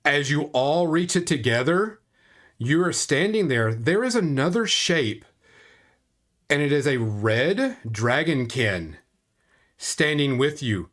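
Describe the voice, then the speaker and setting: Brief: relaxed male game master narrating a tabletop scene at a slow pace. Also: a little high. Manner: casual, drawn-out storytelling.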